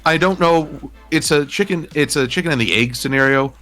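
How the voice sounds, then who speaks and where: A man being interviewed about his art, speaking in a measured, thoughtful way with frequent pauses. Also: fairly high pitch, bright, forceful tone, faint music behind. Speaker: interview guest, digital artist. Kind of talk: casual chat interview.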